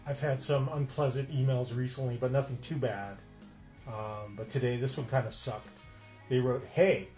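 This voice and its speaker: A middle-aged man who runs a record label, telling deadpan comic stories about customer service emails and reading them aloud in a dry, exasperated way. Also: medium pitch, normal speed, faint music behind. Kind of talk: deadpan comic storytelling to camera.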